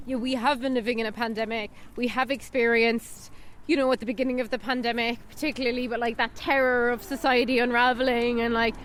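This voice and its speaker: An Irish woman in her thirties co-hosting a film podcast, animated and chatty, saying "like" a lot. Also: fairly high pitch, fast talker, a little hiss or hum. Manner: animated, laughs often, says "like" a lot. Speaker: podcast co-host. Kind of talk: casual film review chat.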